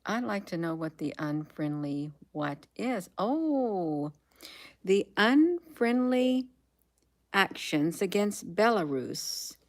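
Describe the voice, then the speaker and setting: A woman's voice: fairly low pitch, animated, takes it slowly, hardly any pauses. A woman hosting a casual livestream, reading headlines aloud, musing to herself and trailing off with frequent ums. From United States. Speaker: livestream host.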